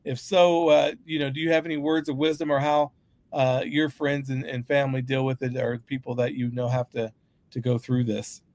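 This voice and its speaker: A man's voice: medium pitch, flat delivery, normal speed, a little mellow, dry recording. A man co-hosting a casual podcast chat, talking emphatically and riffing with humorous asides. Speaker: podcast co-host.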